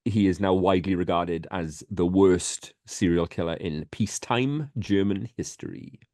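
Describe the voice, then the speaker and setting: A man with a very low voice co-hosts a casual podcast, rambling along with plenty of fillers and the odd swear word. The recording is dry and close, with no room sound. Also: moderate pace, a little mellow, no room sound. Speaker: podcast co-host.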